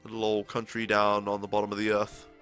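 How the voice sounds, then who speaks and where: A man from New Zealand with a New Zealand accent, chatting excitably and jokingly as he livestreams a game. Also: fairly low pitch, fast, clean tone, soft background music. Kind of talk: live gameplay commentary.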